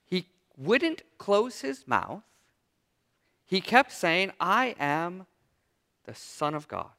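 A man preaching a sermon as pastor, with dramatic pauses, dropping low and soft on quoted lines. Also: sing-song, gravelly, big-room sound.

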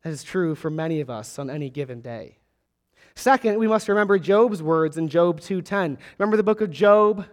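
A middle-aged man preaching a sermon, emphatic, with rising and falling delivery and long pauses. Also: a little high, animated. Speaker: pastor. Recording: long reverb of a large hall.

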